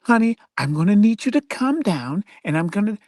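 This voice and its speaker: A man's voice: high voice, big pitch swings, fairly quick, a little mellow, no echo, studio quality, voice pushed up. A man putting on the voice of a passive-aggressive woman, sugary and mock-fragile. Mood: simpering. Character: passive-aggressive woman, syrupy and self-pitying.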